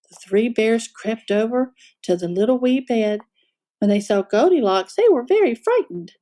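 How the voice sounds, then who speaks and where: A woman reading a children's picture book aloud as a storyteller, expressive and animated. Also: fairly high pitch, normal speed.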